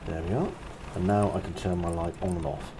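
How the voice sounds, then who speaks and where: Casual, chatty game developer with a low voice and faint background noise. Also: male voice, steady tone, fairly quick. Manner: chatty and self-mocking, with frequent asides. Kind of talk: casual gameplay commentary.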